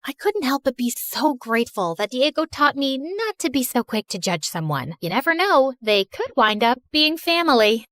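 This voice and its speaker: A woman narrating an animated story in an expressive, storytelling manner, recorded close to the microphone. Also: high voice, moderate pace, few pauses, no room sound.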